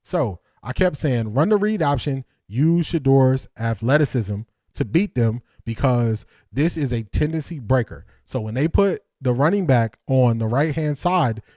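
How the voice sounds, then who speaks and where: A man's voice: mid-range voice, animated, unhurried, few pauses, warm tone, dry recording, clean studio sound. A man hosting a football breakdown livestream, talking energetically and emphatically, repeating lines and laughing often. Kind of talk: casual livestream commentary.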